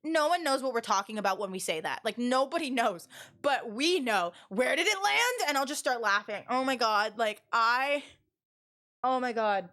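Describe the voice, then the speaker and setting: High-voiced, animated young woman streamer. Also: moderate pace. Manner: animated and rambling, full of "like" fillers; loud and expressive. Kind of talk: casual storytelling to a live chat.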